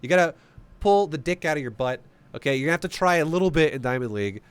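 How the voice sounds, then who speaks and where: A man's voice: on the high side, lively intonation, fast, clean tone. A man giving casual, profane gameplay commentary, blunt and joking as he explains strategy. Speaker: game commentator.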